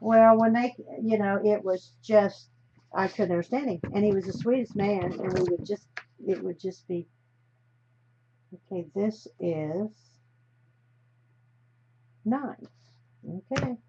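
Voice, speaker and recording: A woman's voice: medium pitch, takes it slowly, pauses often. A chatty woman from the United States hosts a live stream as she crafts. She rambles and often drops a sentence halfway to start another. The recording is slightly dull, with a faint hiss underneath.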